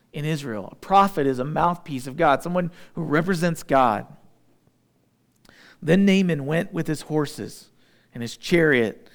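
A man preaches through a scripture passage. His voice sits a little higher than most men's. He reads verses and then breaks them down in plain, homespun talk with a touch of humor. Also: lively intonation, measured pace, vocal fry. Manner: plain-spoken, folksy asides with light humor. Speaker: pastor. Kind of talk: sermon, reading and explaining scripture.

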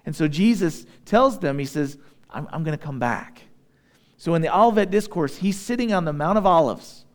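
A man's voice: fairly high pitch, expressive, normal speed. A man preaching a sermon as a pastor, talking in a conversational way and checking in with his listeners.

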